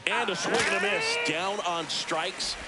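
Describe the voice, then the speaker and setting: A man voicing a brisk, upbeat play-by-play announcer in a baseball video game, with a polished broadcaster delivery. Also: high voice, wildly swooping pitch, heavy background noise, full character voice. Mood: calling play.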